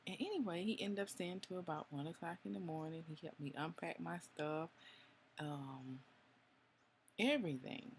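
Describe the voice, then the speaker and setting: A woman of around forty, chatty and confiding, telling a personal story to the camera with drawn-out ums. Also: on the low side, slight background noise. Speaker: vlogger.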